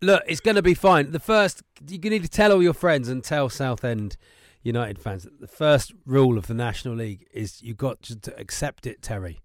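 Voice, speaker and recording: A man's voice: medium pitch, moderate pace, hardly any pauses, dry recording, clean studio sound. Joking male podcast host. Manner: joking, reassuring. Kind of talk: casual comic chat.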